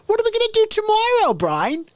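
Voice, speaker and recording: A man voicing a goofy, dim-witted male cartoon mouse in a squeaky, silly voice. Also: huge pitch swings, brisk, dry recording, heavily acted. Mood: giddy.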